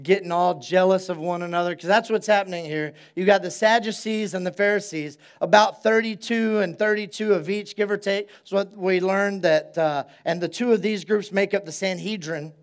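A male pastor preaching a sermon in a relaxed, conversational way, repeating phrases for emphasis and drawing call-and-response from his congregation at a church service. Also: sits high, normal speed, few pauses, clean tone.

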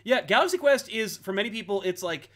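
A man co-hosting a casual podcast chat, animated and ranting, dropping into quick mock voices. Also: sits high. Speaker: podcast co-host.

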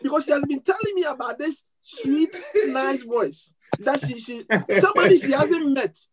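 A man preaching to a congregation. He tells a story in an animated way, often restarting his words and laughing as he goes. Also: very high voice, normal speed, a loud crowd, rough recording. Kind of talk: sermon storytelling.

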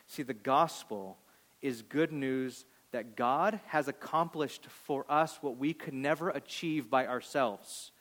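A male pastor delivering a sermon, building to loud emphatic peaks and dropping to hushed quoted lines, acting out voices from the story. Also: mid-range voice, slow. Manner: acts out voices of people in the story.

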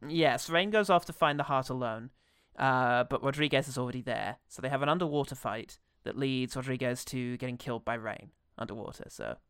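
A man's voice: medium pitch, a little fast, a bit bright, clean tone, no room sound, clean studio sound. A man co-hosting a podcast in casual chat, playful and sarcastic, laughing often. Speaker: podcast co-host.

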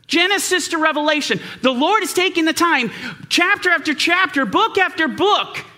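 A man's voice: very high voice, animated, normal speed, sharp tone. A man preaching a sermon in an urgent, emphatic way.

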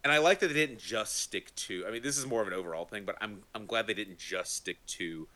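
A man's voice: on the low side, fairly quick, sharp tone. A man co-hosting a casual podcast, laying out details at length in a knowledgeable way. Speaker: podcast co-host.

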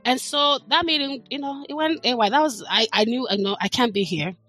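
A woman's voice: a little high, a little fast, fairly bright tone, no echo, soft background music. A middle-aged woman, talking as a podcast guest in a passionate, emphatic way, leaning hard on her words. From Nigeria. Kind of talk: casual chat.

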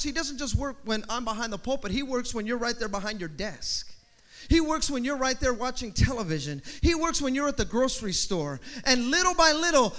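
A man's voice: very high-pitched, pushed and bright. A male pastor preaching a sermon in a rising, repeating preacher cadence, with humorous asides and family stories.

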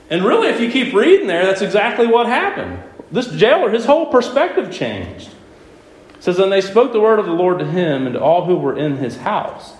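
A man preaching a sermon who keeps putting questions to his listeners and hammers his points home. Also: high-pitched. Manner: lively, questioning the audience, emphatic. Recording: echoey room with faint ambience.

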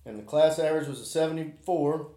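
A man's voice: on the high side, fast talker, dark tone. A man chatting casually, telling rambling stories and acting out what friends said. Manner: rambling storyteller, acts out quotes. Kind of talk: casual chat. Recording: roomy.

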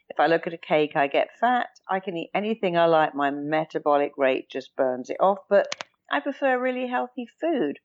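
A woman's voice: deep voice, a little hiss or hum. A woman therapist explaining ideas emphatically in an interview and acting out example phrases in shifting tones. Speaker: therapist guest. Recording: dull lo-fi recording.

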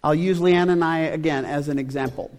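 A man's voice: fairly high pitch, steady tone, fairly quick, darkish tone. A middle-aged male pastor preaching a conversational sermon, asking his congregation rhetorical questions. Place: church sanctuary. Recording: long reverb of a church hall.

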